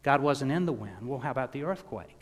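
A man delivering a sermon, telling stories and swinging from loud emphasis down to hushed words. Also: medium pitch, lively intonation, brisk. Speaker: pastor. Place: church. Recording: long reverb of a church hall.

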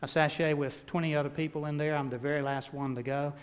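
A pastor in his sixties, preaching in a church with a slightly high-pitched voice. He tells stories in an animated, self-deprecating way. A long hall reverb trails each phrase. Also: fast talker. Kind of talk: sermon with personal storytelling. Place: church sanctuary.

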